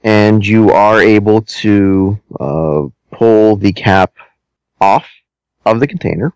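A man narrating a tabletop game as game master, deliberate and hesitant, with many ums and restarts. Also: fairly low pitch, darkish tone, smooth, no room sound, low-quality recording.

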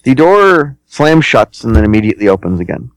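A man narrating a tabletop game as game master, describing the scene slowly and pausing to find his words. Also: medium pitch, very animated, dry recording, rough recording. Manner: slow, descriptive, pauses to search for words.

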